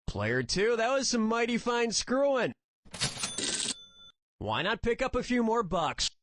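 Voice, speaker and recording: A snarky trivia game host. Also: male voice, very high voice, very animated, a little slow, background noise, heavily acted. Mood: sarcastic. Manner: snarky, mock-enthusiastic quips. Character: wisecracking sarcastic male trivia game host. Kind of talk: scripted game dialogue. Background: loud game music.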